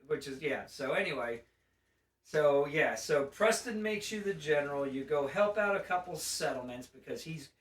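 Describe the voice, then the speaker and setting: A man co-hosting a casual gaming chat, recapping a game with animated storytelling and funny put-on character voices. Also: a little high, moderate pace, reverberant, distant mic. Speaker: podcast co-host.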